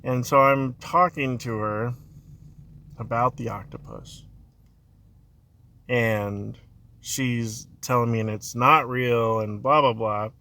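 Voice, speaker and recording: A man's voice: medium pitch, fairly even intonation, slow, pauses often, bright, forceful tone. A man telling a funny childhood story in a casual, rambling way, laughing often and drifting off on tangents. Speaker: dad telling a family story.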